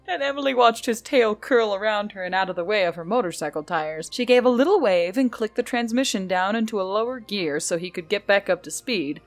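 A woman reads a novel aloud at a steady, even pitch, in the plain middle of the range. She sometimes stops to laugh and add her own comments, then goes back to the page. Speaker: channel host reading a novel aloud. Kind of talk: reading a novel aloud with casual asides.

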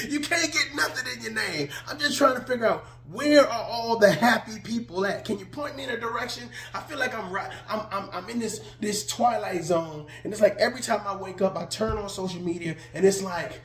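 A man's voice: high voice, fairly quick, few pauses, a bit bright. A man giving a casual video monologue as an online commentator, firing off emphatic rhetorical questions and laughing often. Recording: roomy echo.

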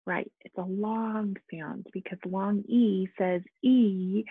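Slow patient teacher woman, phone-like sound. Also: mid-range voice, creaky, breathy edge, dry recording. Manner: slow, patient, coaxing, frequent "okay?". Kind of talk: remote lesson to young children.

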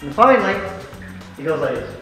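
Guy coaching a team, tells stories and does all the dialogue, higher voice, really echoey and far off w/ music behind. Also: brisk, vocal fry. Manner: animated, acts out conversations in quotes. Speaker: mental toughness trainer. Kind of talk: motivational storytelling to a sports team.

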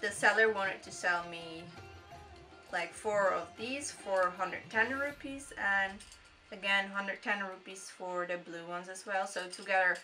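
A woman's voice: mid-range voice, unhurried, sharp tone, recorded from a distance, soft background music. A young woman chatting casually in a travel haul vlog, laughing at herself and acting out her bargaining. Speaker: travel vlogger.

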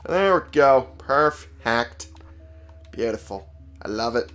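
A man's voice: medium pitch, animated, slow, a bit bright, soft background music. A man giving casual gameplay commentary, sarcastic and profane, talking back to the game's characters. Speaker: let's play gamer.

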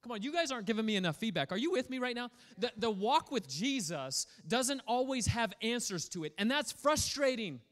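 Lively high-voiced male preacher. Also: a little fast, few pauses. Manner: energetic, playful, prods the audience for feedback. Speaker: pastor. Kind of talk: sermon.

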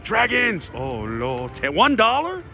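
A man vlogging while playing slot machines, joking and cheering at the reels. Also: high-pitched. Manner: animated, jokey, shouts at the machine, fast swings. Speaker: casino vlogger. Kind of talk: excited slot-play commentary. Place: casino floor. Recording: slot machine music behind.

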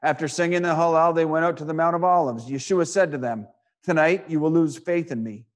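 In a slightly high voice and at a brisk clip, a male preacher reads from scripture and explains it. He relies on rhetorical questions and repeated phrases, shifting between loud and hushed tones.

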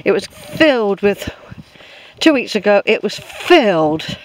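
A man's voice: high voice, very animated, a little slow, low-quality recording. A man chatting to viewers while hiking outdoors, rambling and friendly, filmed on a handheld camera. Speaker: hiker filming his walk. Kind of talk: casual walking vlog. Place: outdoors on a hillside path.

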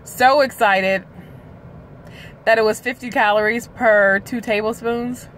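A woman's voice: on the high side, level tone, fairly bright tone, slight background noise. Chatty woman vlogging from a car. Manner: chatty and candid, drawn-out filler sounds. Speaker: weight-loss vlogger. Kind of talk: casual chatty vlog. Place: parked car outside a hospital.

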